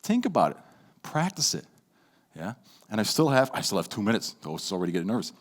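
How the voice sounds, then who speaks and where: A man with a Dutch accent giving a lively stage talk on public speaking, playful and shifting between loud and hushed delivery. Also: on the low side, quick pace. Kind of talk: live keynote talk with audience interaction.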